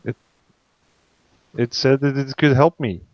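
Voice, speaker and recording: A man playing a tabletop role-playing game, speaking hesitantly with many halting restarts. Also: medium pitch, steady tone. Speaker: player. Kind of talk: casual tabletop play. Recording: dull, dry lo-fi mic.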